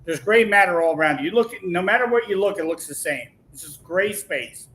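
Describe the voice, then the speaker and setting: A man with a bright, slightly higher voice tells his story in a lively, animated way, slipping into the voices of the people he quotes. His speech is casual and full of restarts, and a faint hum sits behind him. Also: brisk, low-quality recording. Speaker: podcast guest.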